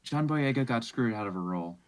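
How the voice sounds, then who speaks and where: A man's voice: mid-range voice, lively intonation, fairly quick. A young man in casual chat critiquing a film, dry and argumentative with some swearing. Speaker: co-host.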